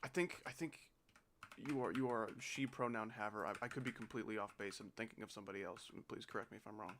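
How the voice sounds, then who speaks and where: A man's voice: lowish voice, fast talker, fairly bright tone, slight background noise. A young man hosting a live stream, chatting casually and joking with chat and a friend while playing. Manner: joking, giggly, reads out chat.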